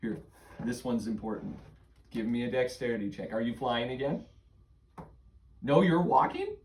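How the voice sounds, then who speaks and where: A father running a tabletop game for his kids as game master, patient and gently coaxing. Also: mid-range voice, big pitch swings, normal speed, slight background noise.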